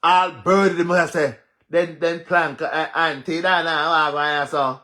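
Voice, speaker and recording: Loud mocking Jamaican man, bright voice. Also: a little high, steady tone, a little slow. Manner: loud, mocking, laughing, heavy cursing. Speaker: social media commentator. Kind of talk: livestream rant.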